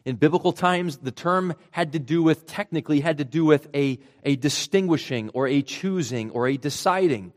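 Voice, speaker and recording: A man's voice: fairly high pitch, moderate pace, few pauses. A man with a Rhode Island accent, preaching a sermon in a conversational way and explaining step by step with asides. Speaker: pastor.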